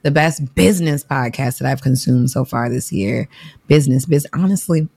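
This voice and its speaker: A woman with a notably low voice talks as a podcast guest, emphatic and full of slang. The sound is dry and close, with no room around it. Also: normal speed, creaky, mellow, slightly rough, dry recording. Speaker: podcast guest, on-air talent. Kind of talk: casual interview talk.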